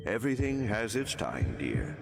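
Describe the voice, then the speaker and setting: A man voicing a gentle old grandfather in a game, speaking softly and tenderly over music. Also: fairly low pitch, wildly swooping pitch, normal speed, creaky, heavily acted. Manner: tender, soft-spoken.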